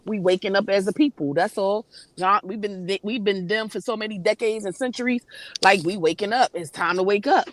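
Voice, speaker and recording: A woman's voice: medium pitch, fairly quick. A woman, a panel guest in a casual livestream chat, talks in an emphatic, preachy and blunt way with some swearing. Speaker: guest on a spiritual talk panel.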